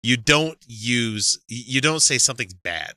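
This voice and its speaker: A man from Utah co-hosting a loose, joking podcast chat. His voice is very bright and swings widely in pitch as he gets animated, laughing between restarted sentences. The sound is close and dry. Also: measured pace, dry recording. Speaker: podcast co-host. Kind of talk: casual comedic chat.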